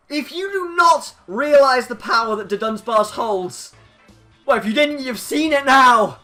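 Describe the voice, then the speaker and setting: Excitable high-voiced man commentating a game. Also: measured pace, faint music behind. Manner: excitable, hyping up big plays. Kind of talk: live battle commentary.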